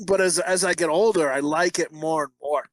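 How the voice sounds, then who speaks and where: A man's voice: fairly high pitch, fairly even intonation, a little fast, no room sound. A middle-aged man in casual podcast chat, swearing freely, laughing often and acting out quotes. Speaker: podcast co-host.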